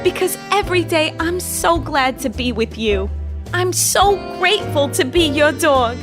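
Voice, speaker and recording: A woman's voice: high voice, animated, measured pace. A woman voicing a devoted pet dog in a scripted ad, gushing and grateful toward its owner. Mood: adoring. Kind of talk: scripted ad voice-over. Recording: voice over music bed.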